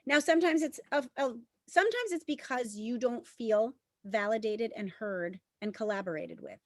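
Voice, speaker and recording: A woman's voice: on the high side, lively intonation, moderate pace, no echo, studio quality. A woman obstetrician explaining birth to listeners in casual chat, earnest and insistent.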